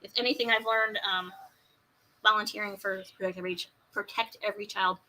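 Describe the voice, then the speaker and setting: A woman guest telling her personal story with strong feeling, swinging from quiet, fast talk to outbursts and shouts. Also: mid-range voice, steady tone, slight background noise, poor audio. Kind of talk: emotional personal testimony.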